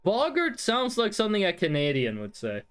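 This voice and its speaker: A streamer giving live game commentary, thinking aloud and swearing in an animated way. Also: medium pitch, normal speed, clean tone.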